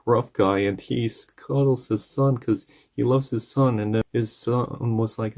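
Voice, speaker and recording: A man's voice: medium pitch, fairly even intonation, a little slow, darkish tone. A man in his thirties giving a casual, earnest movie review, retelling the plot in long rambling strings of "and then". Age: 30s. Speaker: channel host reviewing a movie.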